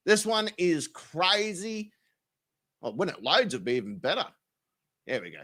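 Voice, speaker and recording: An Australian man with a high, bright voice hosts a live stream. He swings up and down in pitch as he jokes, swears and laughs his way through the chat. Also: very animated, measured pace. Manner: profane, laughing, joking with chat. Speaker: livestream host. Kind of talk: casual live chat reading comments.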